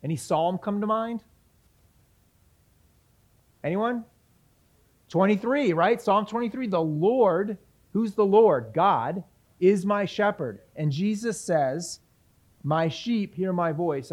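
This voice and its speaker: A man's voice: high-pitched, expressive, slow, long pauses, darkish tone. A man teaching from the Bible in a sermon, asking the audience questions and reading passages aloud. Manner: reads scripture aloud.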